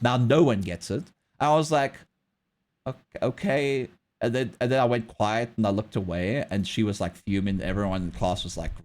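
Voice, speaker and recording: A man's voice: mid-range voice, darkish tone. A man streaming live while drawing, chatting casually and telling a story in a rambling way with many restarts. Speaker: livestreamer.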